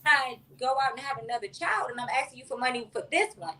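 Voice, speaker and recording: A woman's voice: sits high, expressive, fast, recorded from a distance, crowd noise, poor audio. A woman, a mother, speaking heartfelt and emotional as an interview guest. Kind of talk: interview chat.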